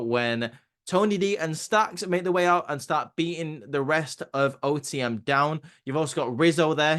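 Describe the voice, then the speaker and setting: A man's voice: mid-range voice, fairly bright tone. A man giving a casual, chatty recap of a wrestling show, often stumbling and repeating words.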